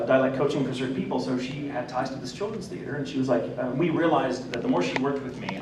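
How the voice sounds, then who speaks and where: A mid-range male voice, heard from afar with background noise in an echoey hall. The speaker is an American voice actor and animated storyteller, laughing often as he shares stories at a convention panel where the audience laughs a lot.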